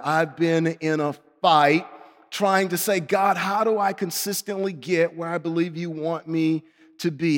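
A male pastor with a high, light voice delivers a sermon in a church sanctuary. He preaches with passion, rising to pleading outbursts and dropping to hushed earnestness. The long reverb of the hall trails behind his words. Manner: impassioned, swings from pleading to hushed.

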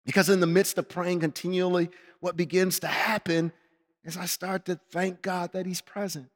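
A man preaching a sermon with passion, moving between raised, shouted stretches and quiet, reflective ones. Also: high-pitched, fairly even intonation, normal speed. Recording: long hall reverb.

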